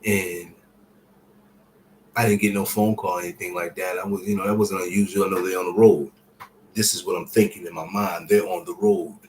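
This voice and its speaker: A man with a fairly low voice recounts a painful personal story straight to his audience. His speech is casual and peppered with profanity, sinking to near-whispers before rising again. A faint background hiss runs under the recording. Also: fairly even intonation, brisk, low-quality recording. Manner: drops to near-whispers and rises to shouts while retelling. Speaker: vlogger sharing a personal story. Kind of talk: emotional personal storytelling to camera.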